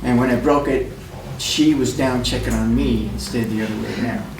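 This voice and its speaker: A man's voice: medium pitch, steady tone, brisk. A man speaking at a memorial, telling rambling folksy stories and laughing often. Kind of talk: anecdotal storytelling at a memorial. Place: memorial service room. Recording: distant mic in an echoey hall with noise.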